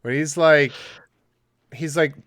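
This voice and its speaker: A man co-hosting a casual podcast, chatting lively and acting out scenes in quoted voices. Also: a little high, slow, no room sound, clean studio sound. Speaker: podcast co-host. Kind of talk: casual chat.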